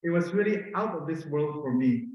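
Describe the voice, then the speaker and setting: A middle-aged man with a Filipino accent gives a conversational sermon in a gentle, personal way, often asking "no?". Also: a little high, animated, moderate pace, lo-fi sound. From Philippines. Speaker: preacher. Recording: very echoey room.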